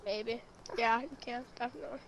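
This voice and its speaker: A woman's voice: fairly high pitch, steady tone, brisk, a bit bright, slight background noise. A woman in casual gaming banter as a co-player, teasing and laughing often. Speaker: co-player in a video game session.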